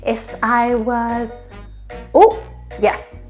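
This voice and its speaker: A woman's voice: a little high, fairly even intonation, extremely slow, darkish tone, faint music behind. A young woman teaching a children's yoga class, encouraging and playful, singing short chants between poses. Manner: cheerful, encouraging, sings short chants and makes animal and siren sounds.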